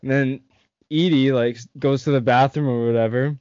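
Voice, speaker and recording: A man's voice: mid-range voice, fairly even intonation, moderate pace, darkish tone, dry recording. Young man, casual storyteller, laughs a lot, dull dry lo-fi recording. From Canada. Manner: laughing storyteller, lots of swearing. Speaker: host. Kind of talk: casual chat with friends.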